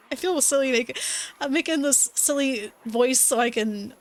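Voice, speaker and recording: A woman's voice: sits high, measured pace. Playful woman streamer reading a game. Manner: playful, laughing asides. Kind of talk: let's-play narration reading a visual novel aloud.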